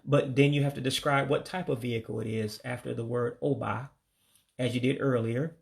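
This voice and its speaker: American man, gravelly voice, casual vocabulary lesson, repeats words slowly, gives English meanings. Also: mid-range voice, steady tone. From United States. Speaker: language learner teaching vocabulary.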